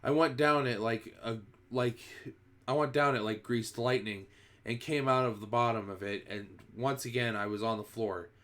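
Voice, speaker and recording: A man's voice: medium pitch, normal speed. Man reading a children's book aloud. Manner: expressive reading that often restarts a phrase. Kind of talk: first-person storybook reading.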